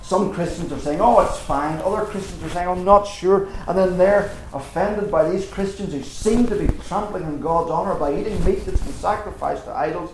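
A man's voice: sits high, fairly quick, few pauses, darkish tone, echoey room, slight background noise, rough recording. A man preaching a sermon in a church, earnest and emphatic, asking rhetorical questions.

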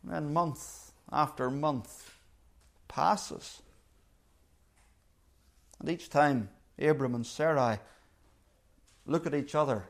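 A man preaching a sermon in an earnest way, acting out quoted lines with loud and soft swings. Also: fairly high pitch, slow, creaky, pauses often. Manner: earnest, acts out quoted voices with shifting volume.

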